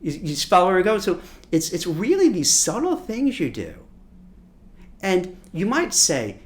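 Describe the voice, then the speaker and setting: A man from Brooklyn, a recruiter, giving a lively coaching lesson on job interviews, often repeating words and acting out what people say. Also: sits high, moderate pace. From Brooklyn, New York. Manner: animated, repeats words, acts out quotes. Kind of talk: coaching masterclass talk.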